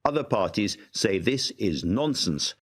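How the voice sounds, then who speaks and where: Brief: male TV presenter, grave and measured, lively rising and falling delivery. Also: fairly low pitch. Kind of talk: broadcast commentary.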